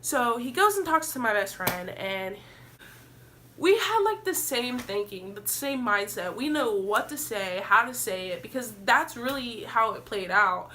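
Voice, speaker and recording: A young woman tells a storytime vlog in a bright, clear voice that sits a little high. She is animated and profane, and she acts out what other people said. A faint hiss of noise sits behind her. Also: unhurried. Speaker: vlogger.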